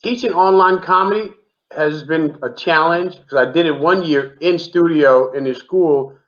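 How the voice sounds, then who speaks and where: A comedian from the Bronx, a man, telling a road story in a casual, animated chat and repeating himself for emphasis. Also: on the high side, unhurried. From the Bronx, New York. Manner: animated, repetitive storyteller saying "man" a lot. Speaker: comedian guest. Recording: dull lo-fi remote audio.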